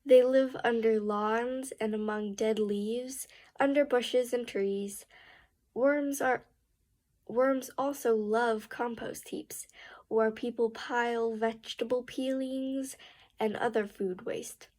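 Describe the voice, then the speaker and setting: A woman reading a book aloud slowly and carefully, with restarts and a rising pitch at sentence ends. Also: fairly even intonation, darkish tone. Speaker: reading student.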